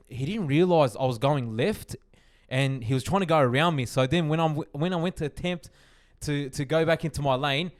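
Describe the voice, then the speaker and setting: A young man, telling a story on a podcast in an animated, swearing way. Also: a little high. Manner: animated, swearing, laughing often. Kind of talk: casual chat.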